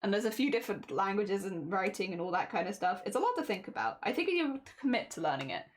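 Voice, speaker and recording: A woman's voice: mid-range voice, fast talker. Girl streaming from home, chatty, voice jumps all over the place. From Britain. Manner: chatty, giggly, animated, talks to chat while crafting. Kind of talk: casual live-stream chat.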